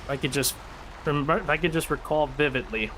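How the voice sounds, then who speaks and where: A man's voice: on the high side, fast, a bit bright. A man streaming, casually telling a rambling story to his chat. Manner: rambling, restarts, addresses chat. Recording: air-conditioner hum behind.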